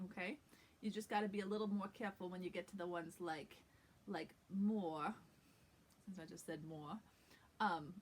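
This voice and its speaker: A woman's voice: medium pitch, sharp tone. A woman from the American Midwest giving a casual spoken lesson as an accent coach for a theater cast, upbeat and chatty, demonstrating sounds as she goes.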